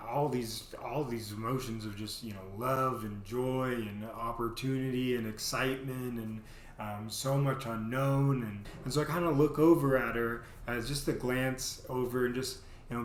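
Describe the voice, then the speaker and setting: A man's voice: mid-range voice, fairly even intonation, moderate pace, slight background noise. A man telling a casual story to his vlog audience, rambling with lots of filler words. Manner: rambling, heavy on "you know" fillers. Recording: roomy echo.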